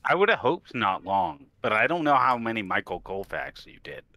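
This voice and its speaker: A man's voice: fairly low pitch, very animated, moderate pace, bright, forceful tone, dry recording. A man co-hosting a wrestling podcast in casual chat, matter-of-fact and brief. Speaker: podcast co-host.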